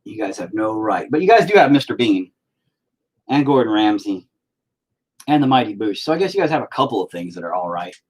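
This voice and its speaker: A man's voice: on the low side, big pitch swings, a little fast, darkish tone, breathy edge. A man hosting a livestream in casual chat, rambling and teasing the viewers with lots of profanity. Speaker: livestream host.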